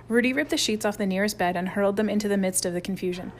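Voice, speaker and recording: A woman narrating a children's chapter book in a lively, expressive reading. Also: mid-range voice, rapid-fire, a little hiss or hum. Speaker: audiobook narrator. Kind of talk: storybook narration.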